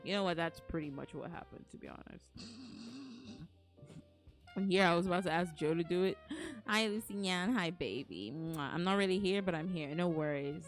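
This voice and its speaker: Lady streamer being playful and jokey, fake-mad, laughing a lot, slightly low voice. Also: lively intonation, normal speed, soft background music. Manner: playful, teasing, mock-angry, laughs often. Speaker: streamer reading to chat. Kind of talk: casual stream chat.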